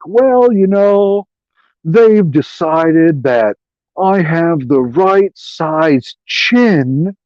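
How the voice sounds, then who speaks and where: A man's voice: on the low side, a little mellow, no room sound. A man hosting a live stream, ranting in a profane, sarcastic way and mimicking people he mocks. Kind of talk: profane casual rant. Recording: dull, dry lo-fi stream audio.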